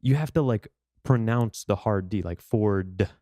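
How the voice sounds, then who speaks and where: A man hosting a podcast, chatting casually and thinking out loud as he goes. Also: medium pitch, normal speed, no room sound, clean studio sound. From United States. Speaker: podcast host. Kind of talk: casual chat.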